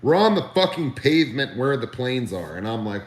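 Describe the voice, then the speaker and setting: A man tells a long, comic rant on a live stream, his voice riding up and down with animated emphasis. He swears freely and talks in a mid-pitched voice. The room is roomy and echoey. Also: fast talker, hardly any pauses. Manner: animated, ranting, profane. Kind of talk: comedic storytelling.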